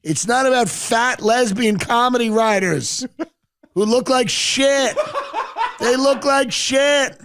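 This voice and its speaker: A man voicing a cruel, ranting male mayoral candidate, giving drawn-out, shouted speech lines in a mock-rousing way. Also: very high-pitched, crowd noise, pitched above the performer's own voice, full character voice. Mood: vicious.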